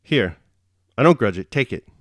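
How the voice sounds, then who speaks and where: A man voicing a timid young gypsy woman in an audiobook, speaking softly. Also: mid-range voice, expressive, moderate pace, no room sound, studio quality, close to an everyday voice. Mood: reluctant.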